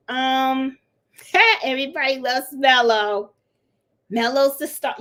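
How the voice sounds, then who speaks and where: Chatty middle-aged woman, fairly high voice. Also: takes it slowly, sharp tone. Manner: rambling, chatty, fond baby talk to her dog. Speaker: livestream host of a crafting channel. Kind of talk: casual live-stream chat.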